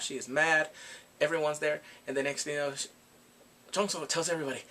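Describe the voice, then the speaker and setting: A young man casually recapping a drama in an animated, dramatic way, full of exclamations. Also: fairly high pitch, a little fast, long pauses. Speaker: drama reviewer.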